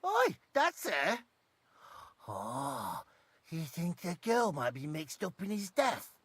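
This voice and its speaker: Gruff village pig herder in a game, rustic talk, swears, voice swings up and down a lot, dry close sound. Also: male voice, fairly high pitch, huge pitch swings, slow pace, fairly bright tone, no room sound, full character voice. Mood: wary. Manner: rustic dialect, swears bluntly. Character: rough village hog herder, blunt and superstitious.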